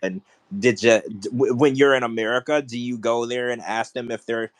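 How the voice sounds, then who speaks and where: A man's voice: mid-range voice, fairly even intonation, normal speed, no room sound. A man co-hosting a podcast, ranting in casual chat with strong opinions. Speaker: podcast co-host.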